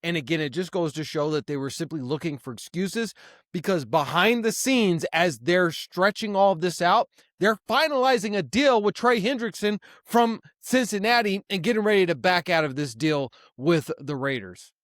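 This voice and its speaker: A man's voice: high voice, normal speed, a bit bright, no echo, clean studio sound. A man hosting a sports podcast, reading an ad and giving emphatic commentary. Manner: emphatic, building outrage. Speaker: podcast host.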